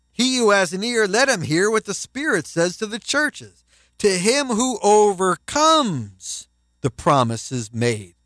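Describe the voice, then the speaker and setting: A man preaching a sermon as a pastor, emphatic and rising in pitch when quoting scripture. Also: a bit bright, dry recording.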